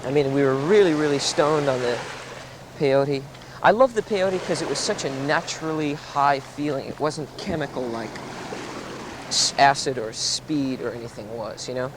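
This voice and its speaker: A young man telling a story in a casual interview, lively and acting out the voices he quotes. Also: medium pitch, normal speed. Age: 20s. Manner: animated, laughs often, acts out quoted voices. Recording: 1970s tape with background noise.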